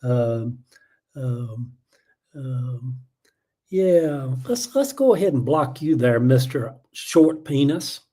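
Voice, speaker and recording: A man's voice: medium pitch, lively intonation, extremely slow, long pauses, warm tone. A middle-aged man from Atlanta with a Southern accent, hosting a casual livestream and ranting in a rambling, heated way full of fillers and chuckles. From Atlanta, USA. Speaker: livestream host. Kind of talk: casual political rant.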